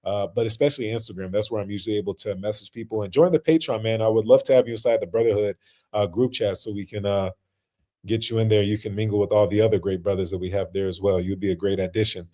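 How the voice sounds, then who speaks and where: A man's voice: on the low side, steady tone, quick pace, warm tone. A man hosting a casual reaction stream, talking loosely with lots of slang and fillers and laughing often.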